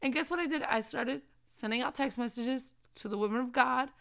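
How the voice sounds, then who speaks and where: A woman's voice: high voice, a little fast, gravelly, a bit bright. A young woman giving a passionate faith-based motivational talk, preaching and repeating phrases for emphasis. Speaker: faith vlogger.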